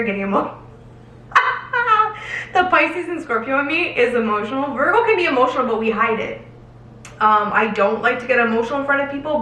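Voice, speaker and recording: A woman's voice: a little high, fairly bright tone, slight background noise. A young woman answering viewer questions to camera in a casual, emotional and candid chat, drawing out words for emphasis. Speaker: lifestyle vlogger. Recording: roomy echo, slightly distant from mic.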